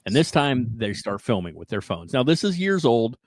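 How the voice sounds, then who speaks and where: A man hosting a podcast, casually retelling a strange story in an animated way, often checking in with "right?" and "like". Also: mid-range voice, normal speed, no echo, poor audio. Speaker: podcast host.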